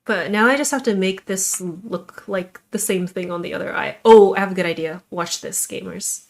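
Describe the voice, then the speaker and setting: Chatty young woman streamer, rambling and self-deprecating, mid pitch, casual stream talk. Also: moderate pace, creaky.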